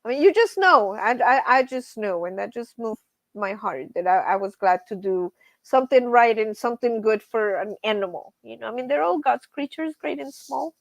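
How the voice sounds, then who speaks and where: A middle-aged woman chats on her own livestream, laughing often and calling out to viewers. Her voice sits a little high. The sound is close and dry with no room echo. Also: lively intonation, moderate pace, creaky. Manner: chatty, laughs often, reads out chat names. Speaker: livestream host. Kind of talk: casual livestream chat.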